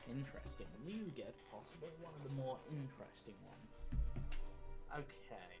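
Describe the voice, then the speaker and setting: A man narrating as game master of a tabletop game, in measured, descriptive narration with small restarts. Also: medium pitch, animated, a little mellow, soft background music, poor audio.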